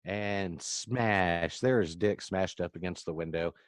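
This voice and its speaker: Low-voiced man, podcast co-host. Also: takes it slowly, no echo, studio quality. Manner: rambling, laughs often between remarks. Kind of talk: casual movie-review podcast chat. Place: his own room, recording remotely.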